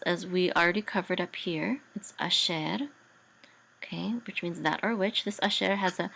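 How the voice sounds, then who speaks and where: Woman teacher, lowish voice, slow and methodical, sounds out syllables, hesitant fillers. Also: creaky, fairly bright tone, low-quality recording. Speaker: Hebrew and Torah cantillation teacher. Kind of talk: language lesson, sounding out words syllable by syllable.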